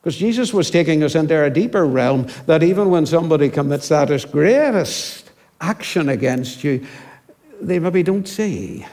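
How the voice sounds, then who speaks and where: A man with a slightly raised pitch delivers a sermon as a minister. He speaks reflectively, slowing down to stress scripture and often sinking to a hushed voice for emphasis. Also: animated.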